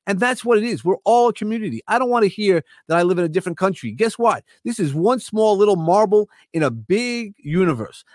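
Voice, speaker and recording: A man's voice: high voice, expressive, brisk, few pauses, a little mellow, dry recording, clean studio sound. A middle-aged man with a New York accent, talking as a guest in an earnest, motivational, rambling way. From Long Island, New York. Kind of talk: casual chat.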